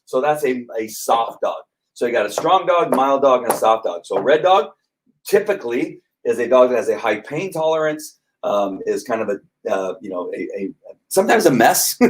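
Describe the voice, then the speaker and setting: Animated middle-aged man teaching casually. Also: mid-range voice. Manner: animated, acts out dogs and people in quick voices. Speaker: dog trainer.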